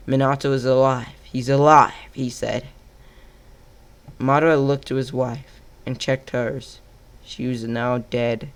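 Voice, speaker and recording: A man tells an improvised fan-fiction tale, drawn out at an unhurried pace. He stumbles and corrects himself mid-sentence, and his pitch stays in an ordinary middle range.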